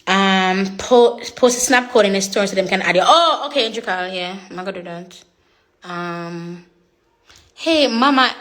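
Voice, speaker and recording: On a phone livestream, a young social media personality talks casually, often laughing and drifting into patois. She speaks a little slowly, with a medium-pitched, slightly bright voice.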